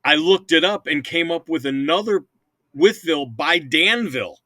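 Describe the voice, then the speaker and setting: An older man talks at length about running his hockey teams, his voice bright and forceful. He rambles and stumbles over repeated words in a casual interview. The sound is dry and close, with no room around it. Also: a little high, expressive, normal speed, dry recording. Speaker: hockey team owner.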